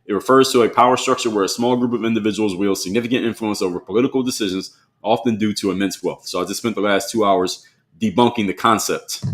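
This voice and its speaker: A man hosting a solo live stream, reading chat comments aloud and pushing back on them bluntly in a conversational way. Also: lowish voice.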